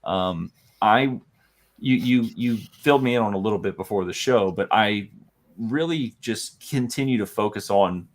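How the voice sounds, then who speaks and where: A man co-hosting a casual live talk show, talking in a relaxed, rambling way and laughing easily. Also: lowish voice, moderate pace. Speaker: co-host. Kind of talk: casual chat.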